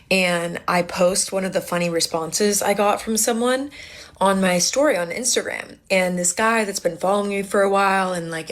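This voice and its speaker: A young woman telling a casual, rambling story to camera about canceled dates, sounding annoyed. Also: medium pitch.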